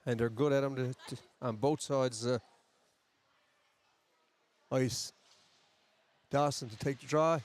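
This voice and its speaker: A man's voice: medium pitch, steady tone, a little slow, pauses often. A man giving chatty, folksy live play-by-play of a local hockey game from a community arena. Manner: chatty, folksy asides between plays. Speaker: play-by-play commentator.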